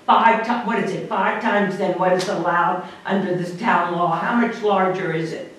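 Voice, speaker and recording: High-voiced upset man, echoey and distant. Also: steady tone, normal speed, a bit bright. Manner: upset, pleading, emotional. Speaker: neighboring resident. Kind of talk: public comment at a hearing. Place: town meeting room. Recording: echoey room from far off, faint hiss.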